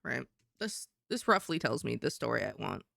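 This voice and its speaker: A woman's voice: rumbling low, sing-song, normal speed, creaky, fairly bright tone, no echo, clean studio sound. A woman streamer chatting in a rambling, self-mocking way while she draws. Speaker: streamer and artist. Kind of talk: casual chat while drawing on stream.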